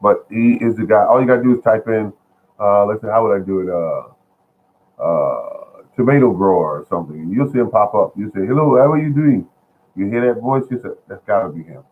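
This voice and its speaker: A man's voice: on the low side, fairly quick. Rambling man on a tinny line. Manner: chatty, repetitive, addresses viewers as folks. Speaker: home gardening vlogger. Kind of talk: rambling casual monologue. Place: at home, indoors. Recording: phone-like lo-fi sound.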